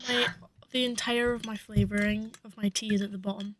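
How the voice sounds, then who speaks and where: A woman's voice: mid-range voice, level tone, a little fast, fairly bright tone, a little hiss or hum, rough recording. A teenage girl co-hosting a casual chat, laughing as she tells stories in an easygoing way. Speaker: co-host.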